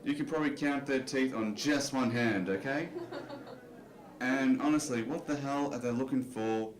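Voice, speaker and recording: A comedian with a mid-range voice and normal pacing works through a self-deprecating club set, his talk loose and stuffed with "you know" fillers. The club's room echo comes through in the recording.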